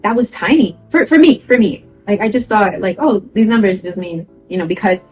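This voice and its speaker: A woman's voice: medium pitch, a little fast, soft background music, poor audio. Chatty young woman telling a story. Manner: chatty and animated, laughs often, acts out quoted voices. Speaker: vlogger. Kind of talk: casual storytelling testimony.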